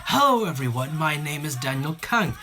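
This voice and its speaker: A hammy, mock-husky voice of a young male idol, as a streamer puts him on. It sounds deliberately exaggerated, with faint music playing behind. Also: mid-range voice, big pitch swings, pushed and bright. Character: playful impression of a young male idol trainee.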